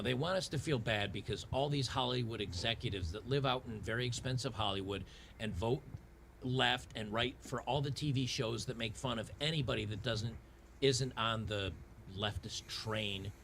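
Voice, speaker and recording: A man's voice: mid-range voice, normal speed, creaky, a bit bright, slight background noise. A man, ranting in a frustrated, sarcastic way over a game and often restarting his sentences. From Tennessee. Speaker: gaming channel host. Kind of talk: ranting commentary over gameplay.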